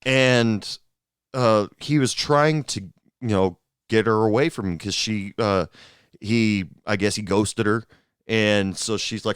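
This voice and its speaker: A former bartender hosting a podcast tells bar stories in a rambling, casual monologue full of fillers and restarts. His voice is lowish and fairly bright, delivered slowly and smoothly in a studio-quality recording with no echo.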